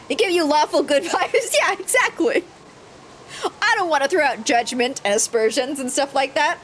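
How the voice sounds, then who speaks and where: A woman streaming herself playing a video game, commenting casually and excitedly, joking and swearing freely. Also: high-pitched, moderate pace, a little hiss or hum.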